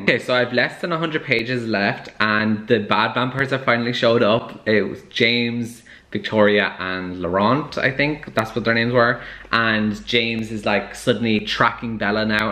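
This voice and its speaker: Brief: male vlogger, wry and chatty, bright tone, echoey room. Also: mid-range voice. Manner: chatty, sarcastic, laughs often. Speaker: book vlogger. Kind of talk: casual reading vlog.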